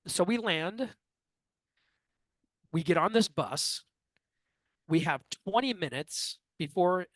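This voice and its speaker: A middle-aged man, an astrologer being interviewed, telling a personal story in a lively way and acting out what others said. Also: sits high, slow pace, no echo. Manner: lively, acts out others' lines in quotes. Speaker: astrologer guest.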